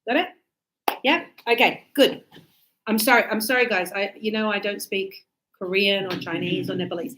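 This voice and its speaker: A woman's voice: mid-range voice, animated, normal speed, long pauses, bright, forceful tone, slight background noise, rough recording. A woman teaching English pronunciation to a class, explaining step by step, repeating words and checking that students follow.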